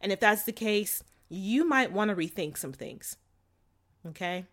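A woman with an expressive, fairly bright medium-pitched voice speaks a little slowly as she offers relationship advice on camera. Casual and candid, she uses slang, laughs often, and fills gaps with "like" and "you know."

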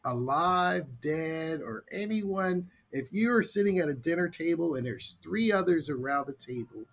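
A man co-hosting a podcast, telling a quick story playfully and laughing as he talks. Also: fairly high pitch, lively intonation, slightly rough. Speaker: podcast co-host. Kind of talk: casual conversation.

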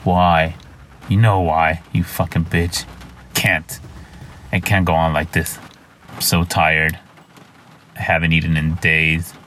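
A man's voice: low voice, level tone, takes it slowly, pauses often, fairly bright tone, slight background noise. A man voicing a haunted, bitter man who slides into terror, reading journal entries in a brooding, weary way. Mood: weary dread.

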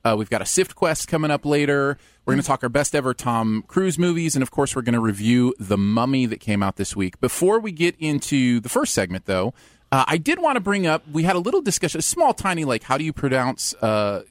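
Male podcast host, animated, lively pitch, dry close mic. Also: fairly quick, no room sound. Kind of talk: casual chat.

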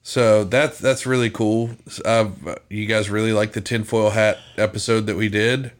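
Male podcast co-host, lowish voice, easygoing slangy chat with casual swearing. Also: level tone, normal speed.

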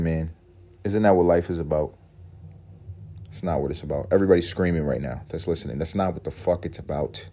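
A man's voice: sits low, warm tone. A man hosting a solo podcast, musing aloud in a profane, rambling way and laughing often. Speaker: podcast host.

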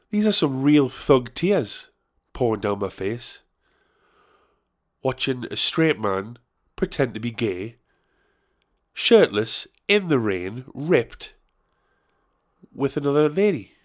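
A man in his thirties talks on his own in a loose, wandering monologue, chatty and quick to poke fun at himself. His pitch sits in an ordinary middle range. He swears casually as he goes. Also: big pitch swings. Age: 30s. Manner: rambling, chatty, self-mocking, swears. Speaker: comedian and musician.

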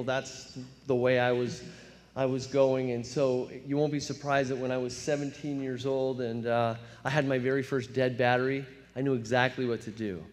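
A man in his fifties from telling his recovery story at a meeting, storytelling with self-mocking laughs and quick put-on voices for his younger self. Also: mid-range voice, darkish tone. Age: 50s. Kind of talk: personal testimony talk. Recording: long hall reverb.

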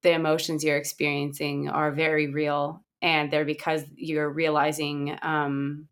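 An American woman, founder of a satirical website, appears as a guest in a casual interview. Her clean voice sits low and runs a little slow and monotone, while she talks earnestly and rambles with plenty of fillers and restarts.

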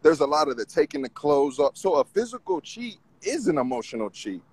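A man calls in and argues his point with rising energy, doubling back on his words as he goes. His voice sits a bit high for a man, with a faint hum of noise behind him. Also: brisk, low-quality recording. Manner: animated, argumentative, repeats himself. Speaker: caller. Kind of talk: casual call-in debate.

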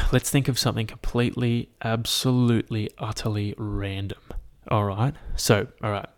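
A young man hosts his own podcast solo. His voice sits a little low, and he talks in a loose, unscripted way, swearing freely and leaning on fillers as he rants and spins a silly story. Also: flat delivery, normal speed. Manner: casual and profane, lots of fillers. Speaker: podcast host.

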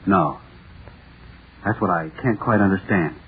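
A man's voice: deep voice, a little slow, slightly rough, exaggerated voice. An actor playing a feverish, haunted male author in 1930s radio horror acting, tinny and hissy. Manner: feverish, pleading, rising to panic. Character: frantic male author haunted by his creation. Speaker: lead actor.

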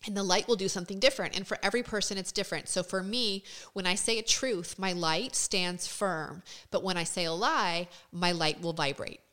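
Candid, plain-spoken woman with a smooth voice. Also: on the low side, fairly quick, few pauses, pushed and bright. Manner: candid, explanatory, swears freely. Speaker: podcast host. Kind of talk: casual podcast conversation.

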